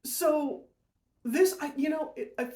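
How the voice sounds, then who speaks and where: A woman's voice: high-pitched, slow pace, mellow, faint music behind. A woman podcast host telling a personal story in a casual, rambling way, often correcting herself and going off on asides. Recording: roomy echo.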